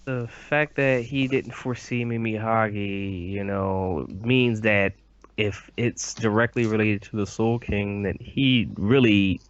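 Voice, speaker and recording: A man's voice: on the low side, steady tone, takes it slowly, muffled recording. A man co-hosting a podcast, talking in a rambling, emphatic way full of fillers, recorded over a voice call. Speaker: podcast co-host. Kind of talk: casual podcast discussion. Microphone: computer mic over a voice call.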